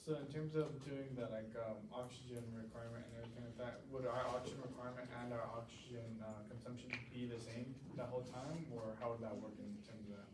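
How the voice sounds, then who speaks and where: A man's voice: mid-range voice, steady tone, fast talker, hardly any pauses. A male student asking a hesitant question in class, with many fillers. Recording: distant mic in echoey room, noise.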